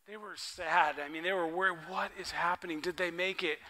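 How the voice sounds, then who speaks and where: A male pastor gives a casual, conversational sermon at a church service, telling stories with excitement. His voice is high and very bright. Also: fairly quick. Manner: excitable, enthusiastic storyteller.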